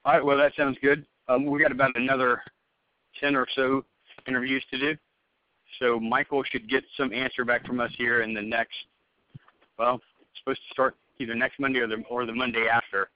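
A man's voice: medium pitch, flat delivery, fairly quick. Rambling man interviewing over the phone. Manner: loose, rambling, many fillers and restarts. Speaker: hiring manager interviewing a candidate. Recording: muffled phone-call audio.

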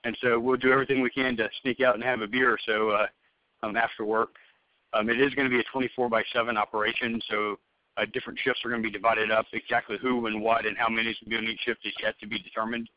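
A man's voice: mid-range voice, little pitch movement, quick pace, no echo. A man conducting a job interview over the phone, talking loosely with many fillers and restarts. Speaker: hiring manager interviewing a candidate. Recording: muffled phone-call audio.

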